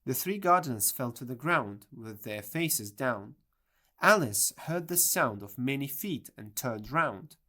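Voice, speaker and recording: A reader narrating a storybook in a clear, measured way. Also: medium pitch, animated, sharp tone. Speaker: audiobook reader.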